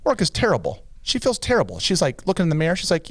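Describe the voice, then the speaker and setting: A man co-hosting a podcast, telling a long joke in casual chat and pitching his voice up to play the characters. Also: fast, dry recording. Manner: animated storyteller, pitches voice up for characters. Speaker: podcast co-host.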